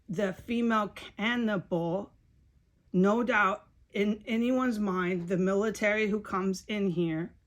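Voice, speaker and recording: A woman giving a rambling, frustrated video monologue, repeating herself and swearing often. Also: medium pitch. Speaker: video blogger.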